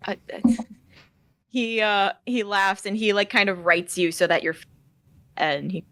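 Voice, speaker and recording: A woman's voice: medium pitch, measured pace, long pauses, a bit bright, no room sound. Casual woman game master narrating. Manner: casual, filler-heavy narration.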